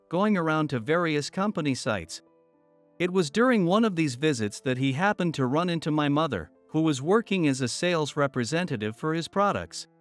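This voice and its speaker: A man reading a first-person story in an even, measured storytelling voice. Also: a little high. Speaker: narrator.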